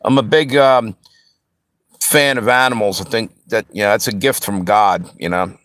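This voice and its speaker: A man's voice: lowish voice, steady tone, moderate pace, a bit bright, dry recording. A man from the Pennsylvania and Delaware area, hosting a live stream and chatting casually with viewers in a rambling, easygoing way. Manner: easygoing, rambling, talks straight to the chat. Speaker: livestream host.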